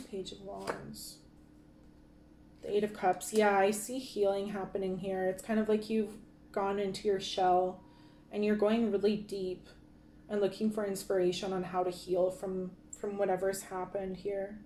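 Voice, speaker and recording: A woman's voice: mid-range voice, dark tone, echoey room, slight background noise. A woman giving a casual tarot card reading, talking in a rambling way with many fillers and restarts. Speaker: tarot reader.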